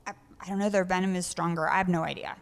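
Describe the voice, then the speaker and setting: A woman's voice: lowish voice, fast, vocal fry, clean tone. A woman, a mother, chatting casually as a guest, blunt and full of swearing. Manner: blunt, swears a lot, animated. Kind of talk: casual chat. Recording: light hall reverb.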